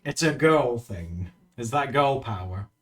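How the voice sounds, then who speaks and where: A man's voice: mid-range voice, lively intonation, a little slow. A man streaming live, chatting casually with his viewers in a teasing way and laughing often.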